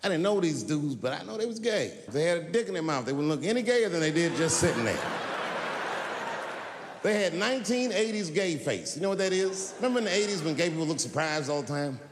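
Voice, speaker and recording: A man's voice: a little high, big pitch swings, brisk, long reverb tail, very noisy. A man performing a stand-up comedy routine with crude, profane punchlines.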